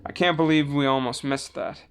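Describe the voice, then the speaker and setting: A man's voice: fairly high pitch, steady tone, normal speed, clear, resonant tone, natural voice. A man voicing a scheming young female cup girl in a storybook reading, breezy and conspiratorial.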